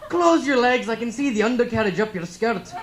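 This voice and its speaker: A young man playing a brash, defensive Boston tough guy who talks loudly and rattles off names combatively, with a Boston accent. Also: very high voice, expressive, fairly quick, a crowd in the background, background noise, voice pushed up. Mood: boisterous.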